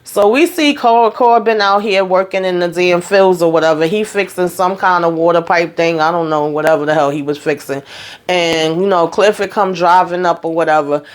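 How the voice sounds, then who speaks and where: A woman's voice: lowish voice, fairly even intonation, moderate pace. A woman giving a casual TV show recap, talking bluntly and chattily with plenty of profanity. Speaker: TV recap vlogger.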